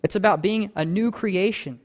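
Male pastor mid-sermon, earnest and repetitive, voice sitting a bit high. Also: moderate pace. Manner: earnest, repetitive phrasing that builds in intensity.

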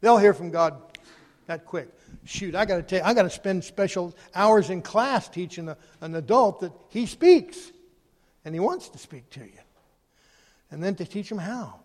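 A man preaching a sermon, animated, swinging between loud emphasis and quiet, hushed asides. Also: sits high, normal speed. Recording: long hall reverb.

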